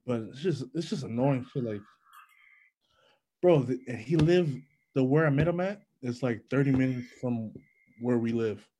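A young man in casual chat, telling a story in animated, profanity-laced slang. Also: medium pitch, normal speed, a little hiss or hum, poor audio.

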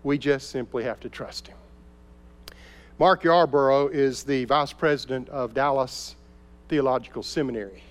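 A man preaching a sermon as a pastor, telling a story and dropping to soft, intense tones at key moments. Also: mid-range voice, normal speed. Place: church sanctuary. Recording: long reverb of a large hall.

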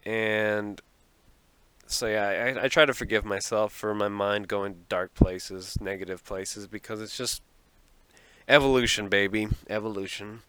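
A man's voice: on the low side, steady tone, measured pace, a bit bright, clean tone, dry recording. A man hosting a casual solo podcast at home, a little nervous, rambling and self-deprecating with lots of swearing and laughs. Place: apartment at home. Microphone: podcast microphone.

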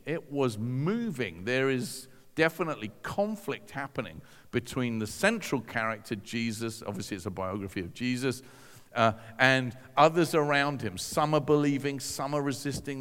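A man of medium pitch tells his own story to a crowd, chatty and self-deprecating, with dry little jokes. His voice rings out with a long reverb tail, as if he is speaking in a large hall. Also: fairly bright tone. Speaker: speaker giving a personal testimony. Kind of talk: storytelling talk to an audience.

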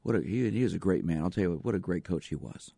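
A man's voice: sits low, animated, fast, gravelly, warm tone, slightly rough, dry recording. A man hosting a radio show as a sports psychologist, talking in an emphatic way with repeated rhetorical questions. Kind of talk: radio talk monologue.

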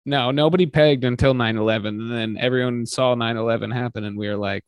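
A man's voice: mid-range voice, fairly even intonation, no room sound. Joking man in a dry studio. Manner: joking, provocative, quick to laugh. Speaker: podcast co-host. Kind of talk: casual comedic chat.

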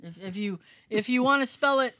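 A woman chatting on a talk show, her voice sitting a little high and swinging widely as she acts out what others said. The recording is dry and close. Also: a little fast, no echo. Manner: animated storyteller, acts out quotes with big pitch jumps. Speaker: co-host. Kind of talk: casual chat.

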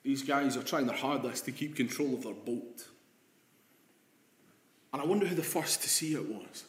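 A male preacher delivers a sermon in an echoey hall-like room. He drops to hushed, drawn-out quotations, then builds into louder, emphatic stretches. His pitch sits at a middle level for a man. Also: animated. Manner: shifts between hushed, slow quotes and rising emphatic passages.

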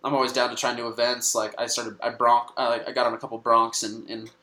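A man's voice: medium pitch, level tone, quick pace, sharp tone, reverberant, low-quality recording. A young man, a comedian guest, telling a story casually, swearing often and restarting his sentences. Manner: swears a lot, many restarts.

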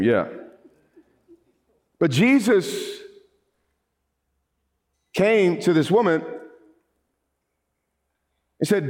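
A middle-aged man preaching a sermon, animated, with repeated phrases and quick restarts. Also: a little high. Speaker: pastor.

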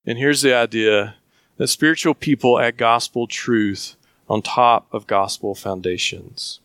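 A man's voice: mid-range voice, a little slow, a bit bright, no room sound, studio quality. A man with a Southern US accent preaching a sermon as a pastor, earnest and emphatic, often asking questions.

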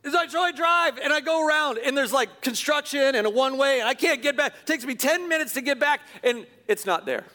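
A middle-aged man, a pastor, telling a self-deprecating story in a sermon, animated and chuckling as he goes. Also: very high-pitched, brisk, hardly any pauses. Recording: long hall reverb.

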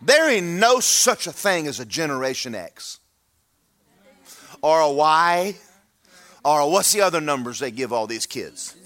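A man's voice: fairly high pitch, big pitch swings, measured pace, long pauses, fairly bright tone. A man, preaching a sermon to his church in a folksy, humorous, emphatic way. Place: church sanctuary.

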